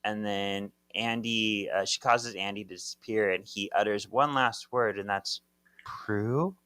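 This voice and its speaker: Male co-host, low and smooth, dry close sound, jokey nerd energy. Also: steady tone, moderate pace, sharp tone, no room sound. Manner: nerdy, jokey, tries out character voices. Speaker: podcast co-host. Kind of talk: casual chat retelling a comic.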